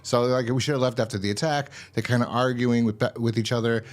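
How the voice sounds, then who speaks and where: A man's voice: mid-range voice, fairly even intonation, quick pace. A man hosting his own show, casually recapping a TV episode in a rambling way, paraphrasing dialogue loosely and swearing now and then. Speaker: show host reviewing a TV episode.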